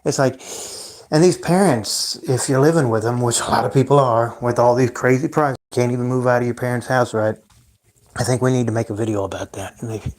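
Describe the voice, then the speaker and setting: A young man talks loosely on a solo livestream at a middling pitch. He rambles, sighs, swears freely and lets his sentences trail off. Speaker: livestream host.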